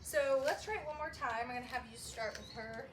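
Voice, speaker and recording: A woman dog trainer demonstrating training steps, who breaks into high, excited praise when calling the puppies. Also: brisk, noisy background. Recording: echoey room, voice from a distance.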